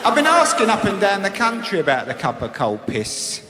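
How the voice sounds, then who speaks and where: A man tells brash stand-up stories in a fairly high voice, often jumping into loud put-on voices. The long reverb of a big hall hangs around his words. Loud crowd sound fills the gaps. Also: huge pitch swings, moderate pace, background noise. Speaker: stand-up comedian. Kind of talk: stand-up routine. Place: comedy venue stage with a live audience. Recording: echoey hall with loud audience laughter.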